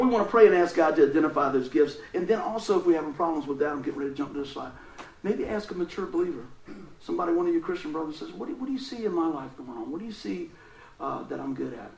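Chatty high-voiced man preaching in a roomy hall. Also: animated, fast, gravelly, fairly bright tone, recorded from a distance, a little hiss or hum. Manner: chatty, laughing often, loose and folksy. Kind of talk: casual sermon with storytelling.

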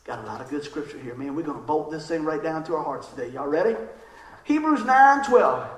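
Lively high-voiced preacher in an echoey church. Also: male voice, fairly quick. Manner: lively, conversational preaching with acted-out quotes. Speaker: pastor. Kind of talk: sermon. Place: church sanctuary.

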